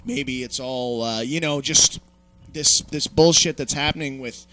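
A man's voice: medium pitch, unhurried, slight background noise. A young man hosting an online talk show, swearing and mocking as he rants about politics. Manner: swearing, mocking, animated ranting. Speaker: podcast host. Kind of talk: profane political rant.

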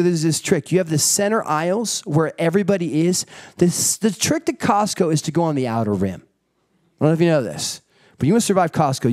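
A middle-aged man preaching a sermon, telling a story with animated energy and acting out family members. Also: on the high side. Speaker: pastor.

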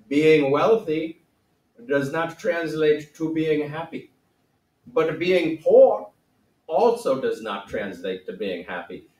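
A man's voice: fairly high pitch, echoey room, far from the mic, lightly acted, rough recording. A man doing a mock-solemn sage with a wobbly accent. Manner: wobbly put-on accent, theatrical, jokey. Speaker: teacher. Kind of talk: comic classroom role-play.

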